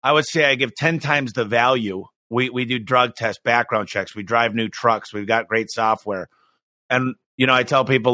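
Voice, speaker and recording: A middle-aged man talking in a casual podcast interview, energetic and emphatic, often restarting his sentences. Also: mid-range voice, no echo. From United States. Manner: energetic, emphatic, quick restarts, acts out quoted voices. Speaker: business owner guest.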